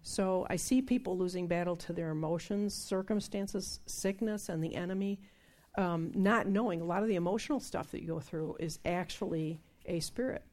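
A woman's voice: fairly low pitch, moderate pace, darkish tone. A woman preaching a sermon in a conversational, emphatic storytelling manner.

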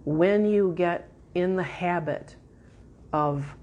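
A woman's voice: on the low side, a little mellow, highs cut off. A woman minister teaching a sermon emphatically and leading her listeners through a spoken prayer. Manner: uneven pace, quick bursts and slow stresses.

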